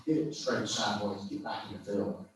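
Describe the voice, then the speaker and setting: A man's voice: fairly low pitch, fairly even intonation, a little fast, close to an everyday voice. An older man with a Southern American accent quoting a wry old golf pro in his own voice, with a dry, teasing delivery. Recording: echoey room, far from mic.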